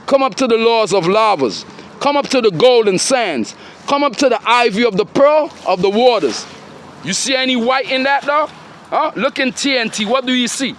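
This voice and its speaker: A middle-aged man with a high voice for a man gives a rambling, streetwise sermon in heavy slang. He keeps firing short questions at his listeners and scolds them like a preacher. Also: fairly bright tone, slight background noise. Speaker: father addressing his children and followers.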